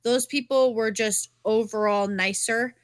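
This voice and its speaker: A young woman, co-hosting a podcast and telling stories in casual chat, swearing freely and animated. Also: fairly high pitch, a little slow, no room sound. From New England. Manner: animated, swearing storyteller with many fillers. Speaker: podcast co-host.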